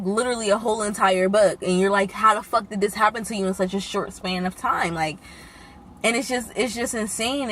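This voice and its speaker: A woman with a mid-range, slightly bright voice vlogs candidly and emotionally, swearing freely. She's tearful and close to crying as she talks casually.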